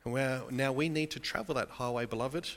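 Bright-voiced man preaching in a reverberant church. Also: medium pitch, a little fast. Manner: earnest preaching, addresses listeners as beloved. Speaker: pastor. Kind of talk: sermon.

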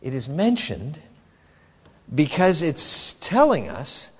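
A man preaching a sermon from the pulpit in a church, measured and emphatic, with deliberate pauses. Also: fairly high pitch, huge pitch swings, breathy edge. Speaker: pastor. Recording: hall reverb in a church.

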